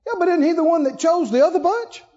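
Man, preacher, sermon, high lively pitch, high bursts and low asides, long hall reverb. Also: quick pace, lo-fi sound. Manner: animated, swinging between high emphatic bursts and low quiet asides; acts out quoted prayers and God's words in raised voice.

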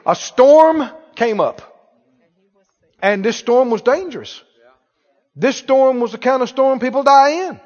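High-pitched animated preacher man. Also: a little slow, long pauses. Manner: animated, asks the congregation questions and acts out scenes. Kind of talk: sermon. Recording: reverberant church hall, dull lo-fi sound.

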